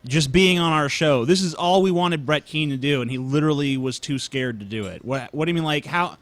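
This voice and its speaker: A man's voice: fairly high pitch, a little fast, dry recording. A man co-hosting a casual podcast, rambling and swearing as he banters with guests. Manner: rambling, profane, does silly put-on voices. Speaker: podcast co-host.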